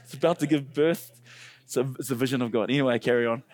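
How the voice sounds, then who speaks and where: A male pastor preaching a sermon with passion, often climbing to loud, high peaks. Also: fast, no echo. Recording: dry close sound with faint music.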